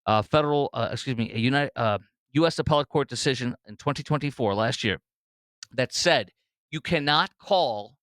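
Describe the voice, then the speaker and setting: A man's voice: medium pitch, moderate pace, fairly bright tone, no room sound. A man hosting a political talk show, rambling through commentary with many fillers and restarts.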